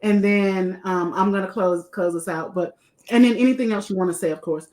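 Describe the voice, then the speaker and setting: A woman's voice: mid-range voice, a little fast. A middle-aged woman hosting a podcast, chatting casually with a guest and heaping on praise. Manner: warm, effusive, repeats praise. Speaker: podcast host. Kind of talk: casual interview chat.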